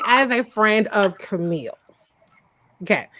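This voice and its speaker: A woman's voice: on the high side, animated, moderate pace, pushed and bright. A woman hosting a live show recap, talking in a blunt, profane, casual way and laughing often. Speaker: host.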